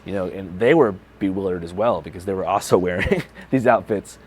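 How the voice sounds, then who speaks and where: A man's voice: deep voice, a little fast, darkish tone, breathy edge. A young man, a journalist and video creator, casually recounting a story with lots of "like" and "you know". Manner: laid-back, filler-heavy, lots of "like".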